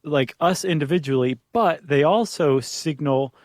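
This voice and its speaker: A man co-hosting a podcast in casual chat, relaxed and joking, thinking aloud with fillers. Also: fairly high pitch, measured pace, no room sound. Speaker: podcast co-host.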